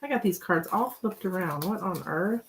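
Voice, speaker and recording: A woman's voice: lowish voice, animated, moderate pace, a little hiss or hum, poor audio. A woman reading tarot on a live stream, chatting casually with viewers, laughing often and reading their names aloud. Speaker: tarot reader and livestream host.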